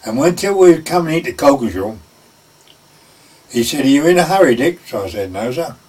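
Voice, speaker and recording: Older man, old gamekeeper spinning a yarn, slightly high voice, mic set back. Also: big pitch swings, brisk, a little mellow, slightly rough. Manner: folksy anecdote, acting out the quoted voices. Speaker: former gamekeeper. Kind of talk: oral history storytelling. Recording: voice picked up from a distance.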